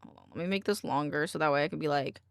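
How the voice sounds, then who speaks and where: A woman's voice: sits low, rapid-fire, gravelly, no echo, studio quality. A woman streamer in casual live-stream chat, goofy and teasing as she talks at her desk microphone.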